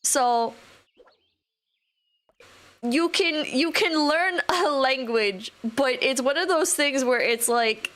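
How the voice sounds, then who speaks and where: Young woman streamer, slightly high voice; rambling, sweary, off-the-cuff chat. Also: slow, long pauses, a bit bright. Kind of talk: casual live-stream chat.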